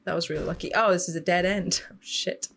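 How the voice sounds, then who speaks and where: A woman's voice: on the low side, steady tone, quick pace, gravelly, fairly bright tone, slight background noise. A young woman commenting on a horror game. She gets jumpy, swears, laughs nervously and shrieks when chased. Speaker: gaming YouTuber.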